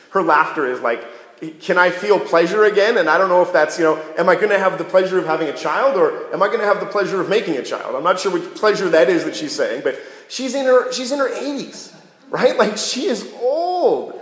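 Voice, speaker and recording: A man's voice: sits high, a bit bright. A man preaching a casual sermon, joking and conversational, often checking in with "right?". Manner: jokey, conversational, keeps asking "right?". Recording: echoey hall with long reverb.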